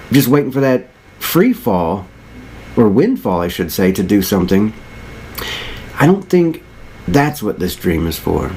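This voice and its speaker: A man's voice: medium pitch, darkish tone, slight background noise. Earnest guy in his 30s rambling thru a personal story, normal mid voice, keeps restarting. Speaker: motivational vlogger.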